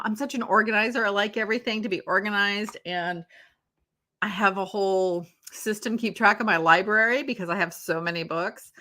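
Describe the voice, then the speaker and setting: A woman's voice: medium pitch, sharp tone. A woman hosting a tarot live stream from her home office, chatting loosely with viewers, addressing them by name and yawning now and then. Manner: chatty, rambling, talks to viewers by name, yawns often. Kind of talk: casual chat on a live stream.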